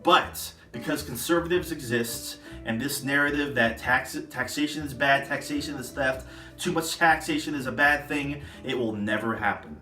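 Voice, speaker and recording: A man's voice: medium pitch, normal speed, pushed and bright, echoey room, far from the mic, soft background music. A man ranting indignantly in a political vlog, sarcastic and getting worked up. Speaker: political vlogger. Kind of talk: ranting commentary.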